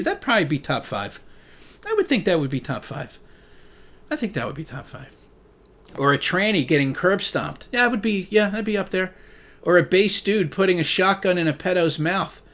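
A man with a slightly high voice talks casually to his viewers in a profane monologue. He reads their messages aloud and rambles, swearing often and breaking into sudden loud rants.

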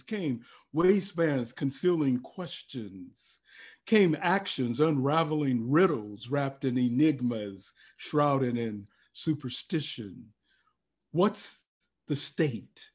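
A man's voice: medium pitch, a little mellow, breathy edge. A man performing his own spoken word poem over a video call, with rhythmic, chanted repetitions and rising cries. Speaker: performance poet. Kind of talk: spoken word poetry reading.

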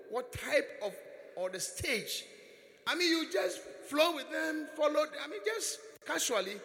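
Bishop, high-pitched, swooping delivery, chuckling storyteller, long church-hall reverb. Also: male voice. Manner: animated storytelling, chuckling often. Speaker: bishop preaching. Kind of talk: sermon.

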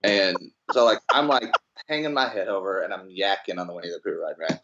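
A man telling a story as a podcast guest, acting out the voices in his tale with big swings in pitch. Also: fairly quick, noisy background. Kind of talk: animated storytelling. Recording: dull lo-fi podcast audio.

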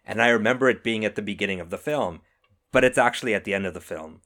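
A man with a fairly low voice talks casually on a podcast about films. He tells stories in an animated, excitable way, often cutting himself off mid-thought. His pitch sits a little below most men's. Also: quick pace. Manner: excitable, animated storytelling with self-interruptions. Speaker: podcast co-host. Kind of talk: casual film discussion.

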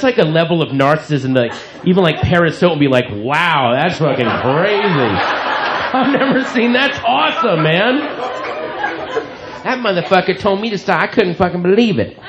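This is a high-voiced male comedian mid-set, turning on the people in the crowd who wouldn't shut up and mocking them with loud, profane disbelief. Captured live at the club, the audio includes crowd noise and bursts of audience laughter.

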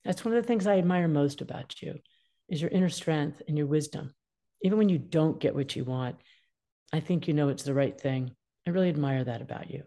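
A woman's voice: low-pitched, brisk. A woman in her sixties talking casually as a guest, giving parenting advice and acting out what children feel. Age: 60s. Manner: expressive, acts out children's voices in quotes.

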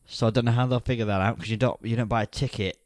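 A man, co-hosting a casual film podcast, relaxed and quick to laugh. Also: medium pitch, no echo, studio quality. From Yorkshire, England. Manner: relaxed, chatty, laughs easily. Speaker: podcast co-host.

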